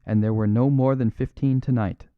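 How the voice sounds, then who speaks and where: Man doing an excitable boyish young duke. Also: medium pitch, clean tone, no room sound, narrow, tinny audio, lightly acted. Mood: excited. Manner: excited, emphatic, quick insistence.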